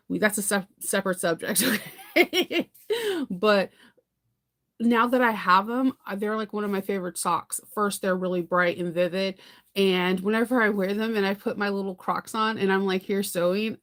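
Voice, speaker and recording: A woman hosting a casual sewing livestream, chatting in a rambling way, laughing often and answering viewer comments. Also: medium pitch. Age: adult parent.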